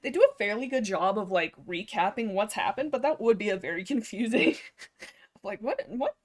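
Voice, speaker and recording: A woman hosting a casual book discussion livestream, rambling excitably into a headset mic and packing her talk with fillers. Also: mid-range voice, normal speed. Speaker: livestream host.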